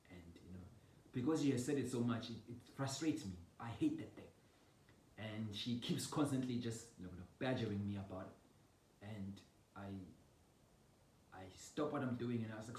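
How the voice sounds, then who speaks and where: A man casually telling a personal family story, animated and laughing, acting out the scenes with sound effects. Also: moderate pace. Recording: roomy echo, distant mic, low rumble.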